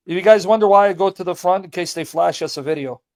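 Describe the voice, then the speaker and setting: A man's voice: sits high, fast talker, a little mellow. A man hosting a live call-in debate stream, talking in a blunt, joking, casual way.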